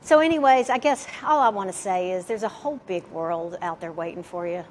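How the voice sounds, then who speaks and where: A woman's voice: fairly low pitch, animated, a little fast, slight background noise, rough recording. Blunt woman giving a recovery testimony. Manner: candid, blunt, plain-spoken. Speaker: recovery speaker. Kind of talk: personal recovery testimony to an audience. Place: jail, live event.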